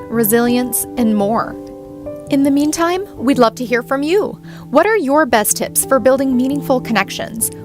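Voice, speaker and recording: High-voiced woman narrating over music. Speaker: reporter and narrator. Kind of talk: scripted narration. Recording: music bed under the narration.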